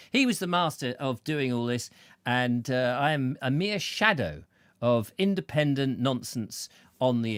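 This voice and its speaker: A man hosting a chatty live-stream show rambles playfully and stumbles over names while reading out comments. His mid-range voice is a bit bright, with no room sound.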